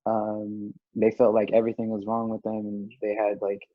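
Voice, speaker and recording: A man's voice: on the low side, monotone, normal speed, dry recording. A young man speaking as a podcast guest in casual group discussion, earnest and rambling with lots of filler words. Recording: dry, dull lo-fi audio.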